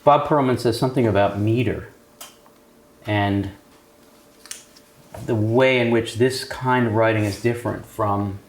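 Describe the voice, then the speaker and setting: A man's voice: fairly low pitch, a little hiss or hum. A man leading a poetry seminar discussion, explaining and asking the group questions. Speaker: discussion leader. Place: arts cafe room. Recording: roomy echo, faint ambience.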